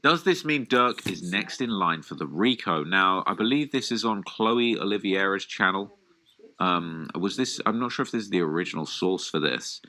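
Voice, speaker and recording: A man hosting a live hip-hop news reaction stream, reading posts aloud and commenting in an animated, slangy way. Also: sits low, normal speed.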